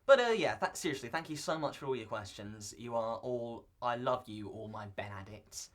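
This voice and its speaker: A man's voice: mid-range voice, expressive, normal speed, fairly bright tone, close to an everyday voice. A young man playing a vlogger who answers viewer questions in a scripted, in-character video. He talks in a playful, joking way and rambles into asides.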